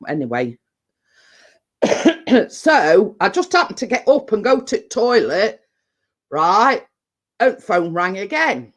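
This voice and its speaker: A middle-aged woman, chatting casually on her vlog in a rambling storytelling way, full of fillers and restarts. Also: lowish voice. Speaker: vlogger. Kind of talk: casual chat.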